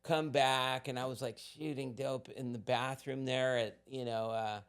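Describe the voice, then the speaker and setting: A man's voice: mid-range voice, a little slow, clear, resonant tone. Candid older man telling stories. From Southern California. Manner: animated, acts out voices in his stories; candid, laid-back surfer talk. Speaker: podcast guest. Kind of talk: casual storytelling.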